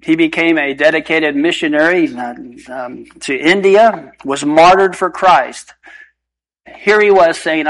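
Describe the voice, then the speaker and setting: A man preaches with earnest emphasis, his voice sitting a little higher than most men's. He slows down for key phrases and rushes others, pressing each point home. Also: fairly bright tone, poor audio. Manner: earnest, emphatic, shifting pace. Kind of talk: sermon.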